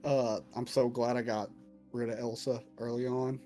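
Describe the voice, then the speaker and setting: A man's voice: medium pitch, little pitch movement, normal speed, mellow, soft background music. A man acting as dungeon master, casually answering viewer questions with jokes and swearing. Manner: casual and profane, joking. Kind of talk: casual chat.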